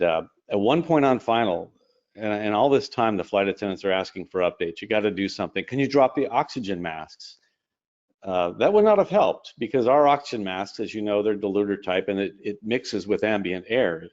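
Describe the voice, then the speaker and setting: Male airline captain guest, low voice, animated storyteller, muffled stream audio. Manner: animated, fast retelling with quoted dialogue. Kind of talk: casual interview storytelling.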